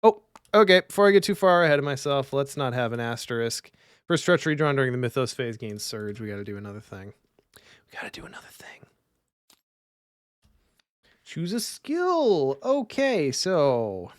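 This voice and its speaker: A man with a rather high voice is recorded dry, at studio quality. He streams himself playing a solo card game, half-muttering the rules and chatting with viewers as casual live commentary.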